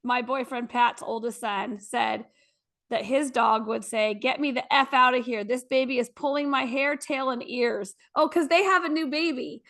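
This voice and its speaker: A woman's voice: a little high, normal speed, fairly bright tone. A woman co-hosting a morning radio show, chatting casually and laughing often.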